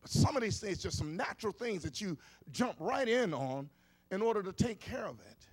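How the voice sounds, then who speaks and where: Coaxing preacher man, higher voice. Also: expressive, normal speed, slightly rough. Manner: conversational preaching, coaxing the congregation. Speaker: pastor. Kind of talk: sermon.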